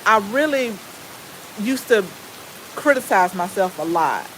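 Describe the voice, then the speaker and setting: A woman with a Southern US accent and a relaxed drawl, chatting casually with viewers as the host of a gardening channel. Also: mid-range voice, a little slow, a little hiss or hum, poor audio. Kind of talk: casual live-stream chat with viewers.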